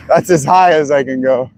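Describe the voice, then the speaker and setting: A man's voice: mid-range voice, creaky, a little mellow, low-quality recording. A man streaming, chatting casually and loosely, swearing as he muses aloud. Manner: loose and profane, musing aloud. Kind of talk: casual chat.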